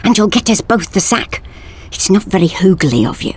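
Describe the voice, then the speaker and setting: A woman's voice: medium pitch, big pitch swings, moderate pace, a little mellow, husky. A woman voicing a chummy working man who talks in a chirpy, blokey way, in a storybook reading.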